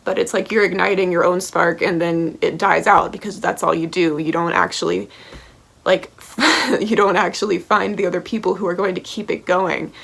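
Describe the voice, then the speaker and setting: A woman's voice: on the low side, steady tone, normal speed, gravelly, fairly bright tone. A woman giving a tarot reading to camera, blunt and passionate, swearing freely and checking in with the listener as she goes. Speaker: tarot reader.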